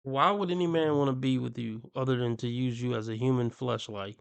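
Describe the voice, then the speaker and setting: A man's voice: mid-range voice, steady tone, a little fast, vocal fry, clear, resonant tone, no room sound. A man ranting bluntly and crudely as he reacts to clips on his stream. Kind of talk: ranting commentary.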